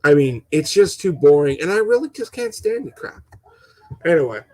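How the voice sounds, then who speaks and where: A man's voice: fairly high pitch, big pitch swings, moderate pace, darkish tone, poor audio. Stuttering, fired-up young man ranting. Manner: passionate, rambling, stuttering restarts, swears. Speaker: gaming channel host. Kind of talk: casual opinion rant.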